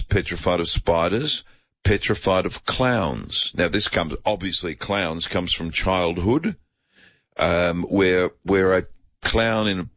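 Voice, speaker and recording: A talkback radio host with a fairly low voice, chatting loosely and drifting between points. The sound is dull and dry, with no room around it, as on a radio broadcast. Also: male voice, fairly bright tone, no room sound. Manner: loose, chatty, wandering phrasing.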